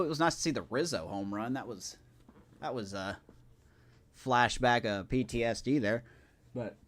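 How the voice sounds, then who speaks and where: A man streaming a video game live, talking casually in a rambling, self-correcting way and chatting with his viewers. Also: fairly high pitch.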